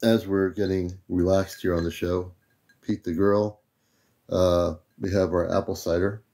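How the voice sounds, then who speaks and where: An older American man hosting a casual livestream, relaxed and easygoing, greeting viewers one by one by name. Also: deep voice, unhurried. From United States. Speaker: livestream host.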